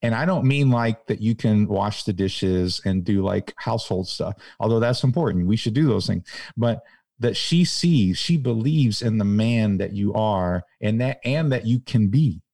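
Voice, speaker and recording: A man's voice: lowish voice, animated, normal speed, a little mellow, no room sound, studio quality. A man talking casually and earnestly, with emphatic stresses and many restarts. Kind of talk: casual chat.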